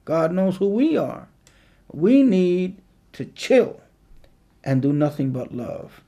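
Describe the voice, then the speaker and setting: Gravelly, slow-talking male preacher. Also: sits high, big pitch swings, dark tone. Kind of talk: sermon.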